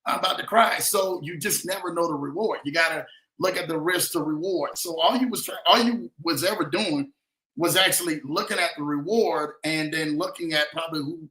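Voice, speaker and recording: Brief: slangy livestream host, a man, high bright voice, echoey room. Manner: animated, slangy, speaks of himself in third person. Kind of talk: casual livestream chat reading comments.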